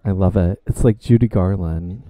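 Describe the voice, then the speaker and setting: A man's voice: deep voice, moderate pace, warm tone, dry recording. A man co-hosting a casual, campy chat about a book, with a rambling manner and an Indiana twang. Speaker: podcast co-host.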